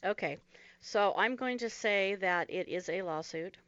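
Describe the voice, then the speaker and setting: A woman's voice: medium pitch, measured pace, a bit bright, smooth, no room sound, dull audio. A woman co-hosting a legal radio talk show, reasoning aloud in a matter-of-fact way. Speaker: co-host. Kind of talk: casual panel chat.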